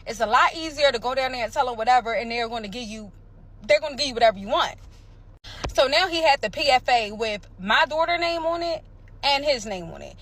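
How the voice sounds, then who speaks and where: Woman, storytime vlog, slightly high-pitched, emphatic, animated retelling with sound effects. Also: fairly quick. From Pennsylvania, USA.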